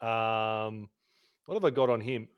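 A man's voice: lowish voice, a little slow, clean tone, no room sound, lo-fi sound. A man co-hosting a casual sports podcast, laughing often, swearing and reading out player stats. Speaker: podcast co-host.

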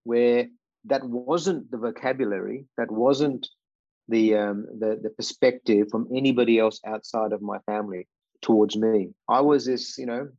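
A man's voice: mid-range voice, moderate pace, a little mellow, no echo, lo-fi sound. A man in his sixties who grew up in England, a podcast guest earnestly recounting his childhood with many fillers and restarts. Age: 60s. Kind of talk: reflective personal storytelling.

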